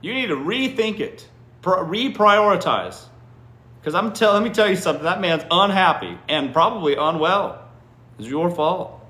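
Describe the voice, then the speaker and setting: A man's voice: high voice, expressive, moderate pace, bright, forceful tone, reverberant. A man hosting a live stream, giving blunt, teasing advice to viewer comments and often asking "what?" in disbelief. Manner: blunt, swears freely. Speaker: livestream host answering viewer comments. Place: indoor room during a live stream.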